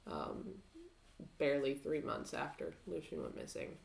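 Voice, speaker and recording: Slow, gravelly woman game master. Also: huge pitch swings. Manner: halting, with many fillers, low and somber. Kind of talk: narrating a tabletop game. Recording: roomy echo.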